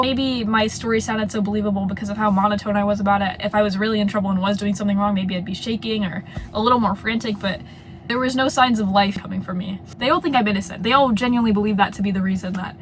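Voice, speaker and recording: A young adult woman telling a storytime vlog, animated and sarcastic, acting out dialogue. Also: medium pitch, a little hiss or hum, poor audio. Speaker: vlogger.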